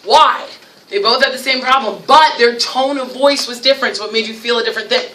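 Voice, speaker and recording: A woman with a North Jersey accent leading a teacher training workshop, lively and acting out classroom scenes. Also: on the high side, a little fast, a little hiss or hum. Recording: echoey room, mic from far off.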